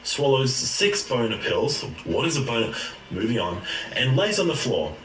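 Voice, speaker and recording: A young man giving jokey, animated commentary on memes, laughing often as he goes. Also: medium pitch, moderate pace, roomy sound, distant mic, a little hiss or hum, low-quality recording. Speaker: YouTuber. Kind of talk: casual meme commentary.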